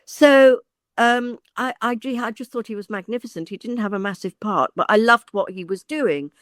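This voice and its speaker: An older woman, a guest on a chat podcast, telling anecdotes in a lively way with many ums and restarts. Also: a little high, moderate pace, dry recording, clean studio sound. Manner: lively anecdotal storyteller, hesitant fillers. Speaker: guest, former actress and agent. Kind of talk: casual chat.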